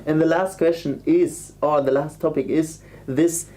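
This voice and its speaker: A young man with a German accent hosting a casual late-night livestream, reading viewer comments aloud and answering in a soft, hesitant way with many restarts. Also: on the high side, steady tone, a little slow. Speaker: livestream host.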